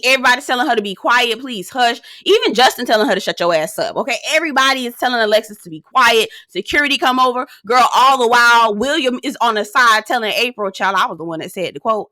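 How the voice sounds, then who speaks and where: A woman in her thirties giving a sassy, animated recap of a reality show, with laughing asides and quoted lines. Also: fairly high pitch, brisk, no echo, studio quality. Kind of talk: casual recap commentary.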